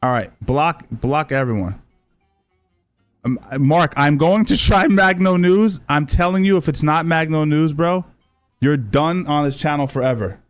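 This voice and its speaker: A man's voice: on the high side, a little slow, no echo, soft background music. Male streamer, loose and profane, banters with chat, dry close mic. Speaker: streamer reacting to clips. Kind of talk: casual livestream chat.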